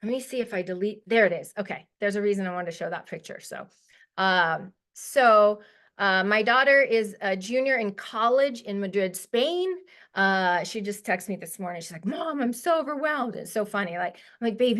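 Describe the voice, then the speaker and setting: A woman in her forties speaks as a guest on a video call, her voice pitched in an ordinary middle range. She talks in a heartfelt, emotional way, chatty and full of little fillers. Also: fairly bright tone. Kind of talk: casual presentation to a webinar audience.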